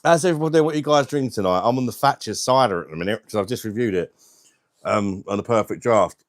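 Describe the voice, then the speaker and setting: A man's voice: on the low side, fast, no echo, clean studio sound. A young man hosting a casual live stream on a wireless mic, chatty and laughing often as he greets viewers by name. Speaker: livestream host.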